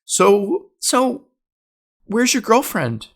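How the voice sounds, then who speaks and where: A man voicing his frantic, loud-mouthed middle-aged aunt in a high, shrieking voice while telling a family story. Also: big pitch swings, very slow, heavily acted. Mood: prying. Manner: shrieking, hysterical.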